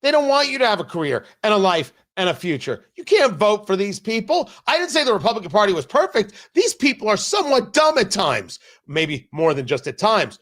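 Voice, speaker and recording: Combative, animated male political host. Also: high voice, brisk, hardly any pauses. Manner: combative, sarcastic, emphatic repetition. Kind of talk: opinion monologue.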